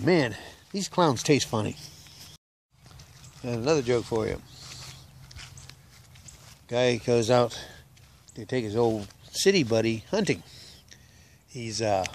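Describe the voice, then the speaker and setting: A man with a gravelly, rough-edged voice spins folksy jokes at an easy, meandering pace, dropping filler sounds as he goes. He is outside, a faint hum of open country behind him, picked up by a handheld camera mic. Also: medium pitch, a little mellow. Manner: rambling, unhurried, lots of "uh" fillers. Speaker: joke teller. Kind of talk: folksy casual joke-telling.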